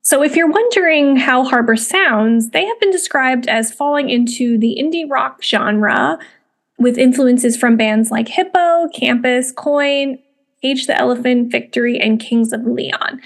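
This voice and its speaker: A woman's voice: high-pitched, measured pace. A young woman hosting a music podcast, talking casually with lots of fillers and restarts. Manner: chatty, many fillers and restarts. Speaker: podcast host. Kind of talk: casual spoken commentary.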